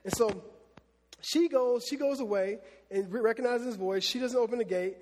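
A man preaching a casual Bible lesson, chatty and animated, with many fillers. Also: very high voice, normal speed, long reverb tail, slight background noise.

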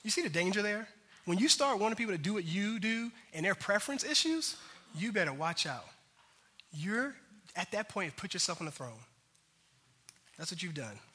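A male pastor preaching a sermon in a casual, lively way, with slang asides to the congregation. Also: high-pitched, normal speed, pauses often, breathy edge, long reverb tail.

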